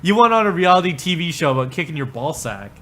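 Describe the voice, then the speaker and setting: A man's voice: fairly high pitch, very animated, fast, bright, forceful tone. A man ranting on a livestream in a crude, rambling, mocking way, often breaking into laughter. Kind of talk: profane livestream rant.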